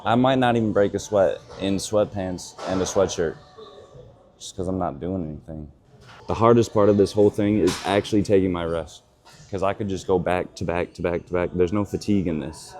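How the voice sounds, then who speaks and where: A man's voice: deep voice, normal speed, a little mellow, slight background noise. A young man talking casually to camera in a fitness vlog, joking at his own expense and laughing often. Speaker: fitness vlogger. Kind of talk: casual self-filmed vlog.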